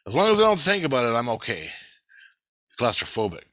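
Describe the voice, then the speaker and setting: A man's voice: medium pitch, very animated, fairly quick, a bit bright, no echo. A man casually retelling a dream to his viewers, rambling and repeating himself, swearing freely. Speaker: video blogger.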